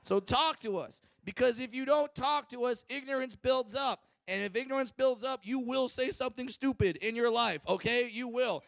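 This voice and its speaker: A high, bright-voiced man tells crude stand-up stories with brash, profane energy. His voice is close and dry, with no room sound around it. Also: normal speed, creaky, few pauses, dry recording. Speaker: stand-up comedian. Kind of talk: stand-up comedy set.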